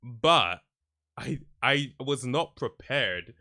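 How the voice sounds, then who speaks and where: A man's voice: mid-range voice, very slow. A young man from Nigeria, telling a story in a casual, chatty way to his live stream chat. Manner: animated, laughing, chatty retelling. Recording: faint music behind.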